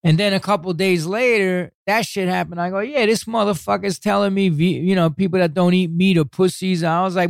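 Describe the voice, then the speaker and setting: A man's voice: sits high, fairly quick, gravelly, hardly any pauses, no room sound, studio quality. An older man telling stories as a podcast guest, swearing constantly and acting out what people said. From New York City. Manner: profane, animated, acts out quotes. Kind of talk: casual interview storytelling.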